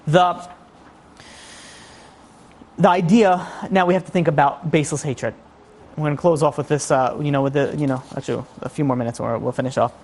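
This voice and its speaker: Rabbi guy preaching fast, animated storytelling, jumps into voices. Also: fairly high pitch. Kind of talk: sermon storytelling.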